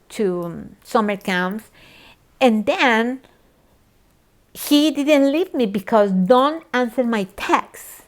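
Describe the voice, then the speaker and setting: Earnest middle-aged woman telling her story. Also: mid-range voice. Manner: emotional, repetitive, earnest. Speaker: church member sharing her story. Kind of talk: personal testimony.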